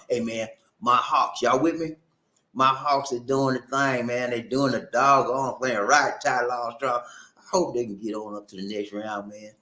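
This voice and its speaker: A man hosting a casual livestream, animated and breaking into sung catchphrases. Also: mid-range voice, normal speed, echoey room. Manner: animated, sings and shouts catchphrases. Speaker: livestream host. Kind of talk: casual live chat. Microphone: new noise-reducing mic.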